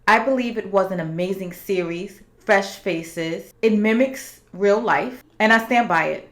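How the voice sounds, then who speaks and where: A woman at an ordinary mid pitch gives a casual, opinionated recap of a series finale. She talks straight to her viewers and slips into the characters' lines as she retells each scene. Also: a bit bright. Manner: chatty and opinionated, with asides to viewers. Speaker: TV series reviewer.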